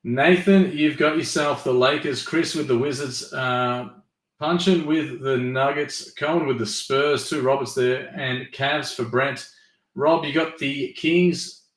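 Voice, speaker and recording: A man hosting a live-stream trading card break, tired and yawning, chatty as he reads teams and cards in quick lists. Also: medium pitch, fairly bright tone, roomy sound. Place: at a desk during a live stream.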